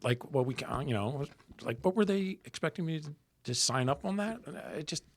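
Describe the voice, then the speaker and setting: A man co-hosting a casual podcast, telling a personal story in halting bursts with many restarts. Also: a little high, lively intonation, slight background noise. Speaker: podcast co-host.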